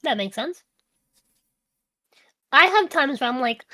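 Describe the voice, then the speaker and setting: A woman guest on a podcast, chatting casually and swearing freely, playful and quick to slip into mock voices. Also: sits high, expressive, pushed and bright. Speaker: VTuber guest.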